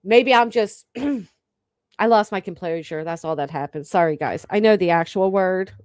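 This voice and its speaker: A woman's voice: medium pitch, a little slow, darkish tone, no echo, studio quality. A woman hosting a reaction stream, talking bluntly and profanely to her chat. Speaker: livestream commentary host.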